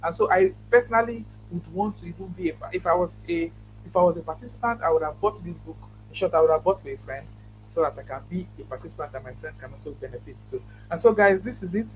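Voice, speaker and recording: A Nigerian man with a notably high voice delivers earnest, rambling closing remarks as host of an online conference. He restarts phrases often and keeps thanking his audience. A faint hum sits under the recording. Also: rough recording.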